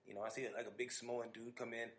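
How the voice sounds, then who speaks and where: A man's voice: medium pitch, flat delivery, quick pace, roomy sound, a little hiss or hum. A man co-hosting a podcast in casual chat, laid-back, often restarting his words. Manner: frequent backchannels, laid-back, repeats words when starting. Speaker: podcast co-host. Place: garage.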